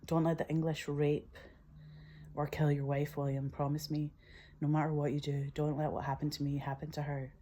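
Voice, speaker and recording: A woman voicing a ghostly mother's low plea. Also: flat delivery, normal speed, warm tone. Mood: solemn pleading. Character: grieving mother's ghost pleading with her son.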